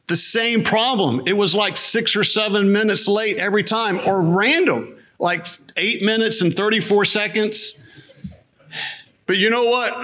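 A man with a high, bright voice leads a church service as its pastor. He talks in a loose, chatty way full of fillers and restarts, and delivers a long joke with a straight face. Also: measured pace. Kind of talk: sermon with a comic story. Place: church sanctuary.

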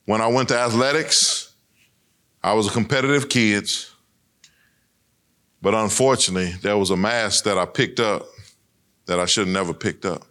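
A middle-aged man giving a personal testimony speech, telling his story with emphatic swings between raised and lowered lines. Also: normal speed, long pauses, fairly bright tone.

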